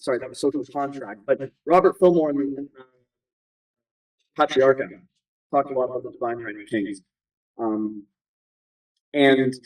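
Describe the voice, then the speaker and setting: A man's voice: mid-range voice, distant mic, low-quality recording. Rambling man, set back from the mic. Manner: rambling, many fillers and restarts. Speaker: guest. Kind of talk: conversational interview.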